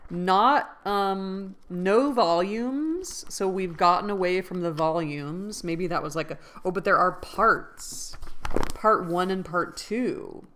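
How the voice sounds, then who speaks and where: Her voice is on the low side, a bit bright, and animated, and she takes her time, with a little hiss or hum in the recording. As a book vlogger in casual chat, she muses aloud, questions herself, and makes playful, self-deprecating jokes.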